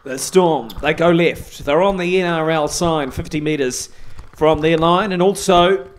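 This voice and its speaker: A man's voice: a little high, measured pace. Rambling amateur male sports commentator. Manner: rambling, mock-formal, many fillers. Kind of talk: casual live commentary.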